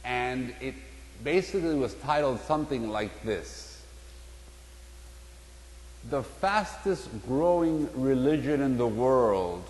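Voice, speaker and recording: A priest giving a casual, storytelling sermon, telling a joke before turning to the gospel. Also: male voice, medium pitch, slow pace, pauses often. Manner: storytelling, animated in quoted voices. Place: church. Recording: echoey church hall with long reverb.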